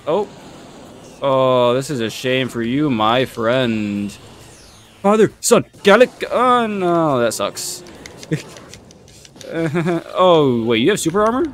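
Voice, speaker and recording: A young man giving excitable, swear-heavy gameplay commentary, trash-talking his opponent. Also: medium pitch, slight background noise. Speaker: gaming YouTuber.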